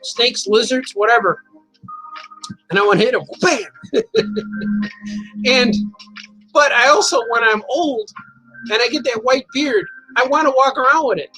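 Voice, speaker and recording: A man with a high, bright voice hosts a casual live stream. He rambles from one joke to the next and laughs at his own stories. Soft music plays faintly behind him. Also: a little slow, pauses often, poor audio. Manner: rambling, jokey, laughs often. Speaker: cartoonist hosting a live show.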